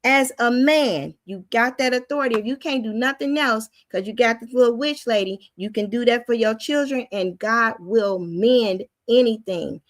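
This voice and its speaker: A woman with a high, youthful-sounding voice giving an informal spoken teaching on faith, preacherly and often acting out the voices she quotes. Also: moderate pace, hardly any pauses, dry recording.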